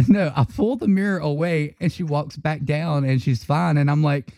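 A man hosting a podcast in casual chat, telling animated stories full of swearing and frequent laughter. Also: fairly high pitch, normal speed, hardly any pauses, very noisy. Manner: profane, laughing, animated storytelling. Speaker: podcast host.

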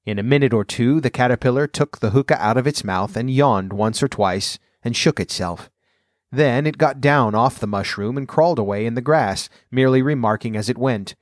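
A man narrating a storybook in a measured, gentle way. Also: mid-range voice, no room sound, studio quality. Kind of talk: storybook reading.

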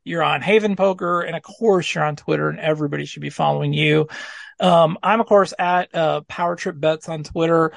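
A man's voice: fairly high pitch, steady tone, brisk, creaky, no room sound. A man hosting a podcast in casual, jokey chat, laughing often. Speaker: podcast host.

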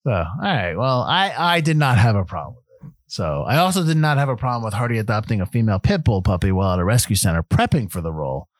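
A man's voice: fairly low pitch, big pitch swings, fast, no echo, clean studio sound. A man hosting a casual film podcast, easygoing, reading trivia notes aloud and chatting about them. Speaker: podcast host. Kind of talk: casual film review chat.

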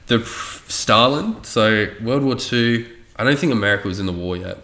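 A man's voice: medium pitch, normal speed, bright, forceful tone, echoey room. A man telling a rambling story in casual chat, swearing freely and loose with his facts.

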